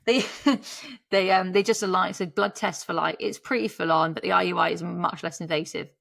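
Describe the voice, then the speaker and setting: Podcast guest: woman, 30s, low gravelly voice, chatty, candid, quick to laugh. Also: steady tone, a bit bright, dry recording. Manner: chatty, laughs often, self-interrupting. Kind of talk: candid conversational storytelling.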